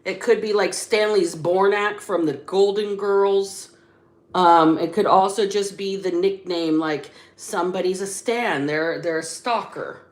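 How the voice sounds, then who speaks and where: A woman's voice: medium pitch, measured pace. A woman doing a spiritual tarot reading, blunt and casual, drawing words out with sudden emphatic bursts. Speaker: psychic tarot reader.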